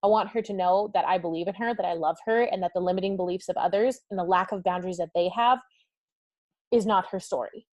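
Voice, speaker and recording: A woman hosting a live-streamed motivational talk, energetic and effusive, laughing often and reading viewers' comments aloud. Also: mid-range voice, fast talker, no echo. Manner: talks directly to viewers and reads comments aloud. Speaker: summit host.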